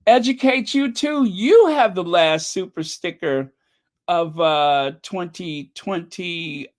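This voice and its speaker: A woman from a Caribbean island hosting a casual livestream, chatty and excitable as she thanks her viewers. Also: fairly low pitch, slow pace. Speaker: livestream host.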